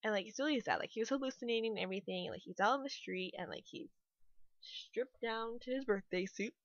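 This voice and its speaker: A woman's voice: on the high side, brisk, dry recording, lo-fi sound. A young woman from Canada chatting casually as she rambles, with a lot of "like" and "you know". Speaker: YouTuber, restaurant worker. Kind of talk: casual chat over a speed build.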